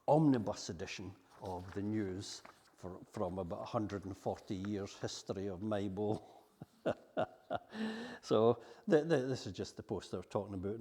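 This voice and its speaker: A Scottish man with a lowish, darkish voice gives a public history talk to an audience in a hall, and the recording carries long hall reverb. A local history speaker, he reads from his script but stays chatty and digressive.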